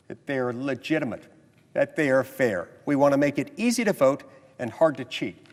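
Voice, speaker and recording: An animated American senator with a mid-range, slightly mellow voice speaks at normal speed during a floor speech. He begins with a story full of quoted mimicry and moves into an earnest, insistent argument, his words ringing with a large chamber's long reverb.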